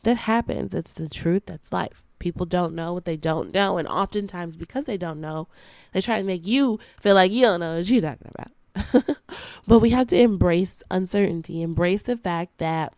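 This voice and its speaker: A fairly low-pitched young woman, moderately paced and recorded dry, hosts a podcast where she talks frankly and casually with slang and frequent laughs. Her delivery is animated, with sassy impressions of quoted friends.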